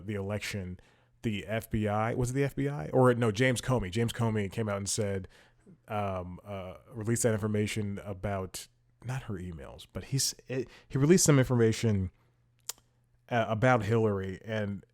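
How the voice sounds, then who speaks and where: Man, lowish voice, casual rambling commentary, frequent restarts and fillers, podcast host. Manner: multitasking while talking, scrolling.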